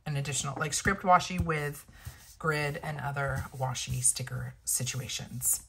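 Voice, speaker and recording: Slow, low-voiced chatty woman crafter. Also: little pitch movement, gravelly, bright, forceful tone, slightly rough, poor audio. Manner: chatty, thinks aloud, addresses viewers directly. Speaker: planner and sticker vlogger. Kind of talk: casual crafting tutorial.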